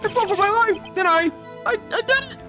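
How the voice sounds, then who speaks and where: A shrill, jumpy young cop. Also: male voice, a little fast, soft background music. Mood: eager. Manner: shouting, ends lines with "sir". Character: eager young male police officer, jumpy.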